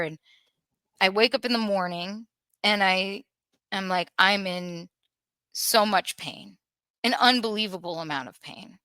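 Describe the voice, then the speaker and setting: A woman telling a painful personal story in an emotional, earnest way, pausing and restarting as she holds back tears. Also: lowish voice, bright, forceful tone, smooth, no room sound. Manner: earnest, halting, with restarts and pauses. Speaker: podcast guest sharing a personal story.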